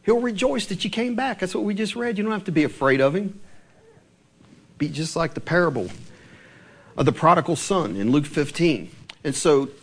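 A male pastor delivering a sermon in a fairly high voice. He reads scripture aloud and leans hard on key words with slow, emphatic stresses. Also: lively intonation, breathy edge.

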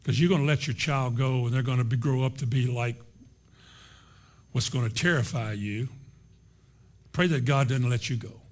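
A man's voice: medium pitch, normal speed, pauses often. A middle-aged man preaching a sermon in an emphatic, repetitive, folksy way.

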